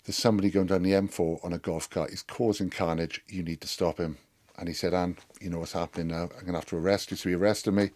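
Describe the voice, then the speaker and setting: A Welsh man spins a rambling story, swearing freely and slipping into the voices of the people in it. His voice sits very low. The sound is dry and close, with no room around it. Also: level tone, quick pace, darkish tone, no echo. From Wales. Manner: rambling, profane, acts out others' lines. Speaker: former rugby player. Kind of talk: storytelling anecdote.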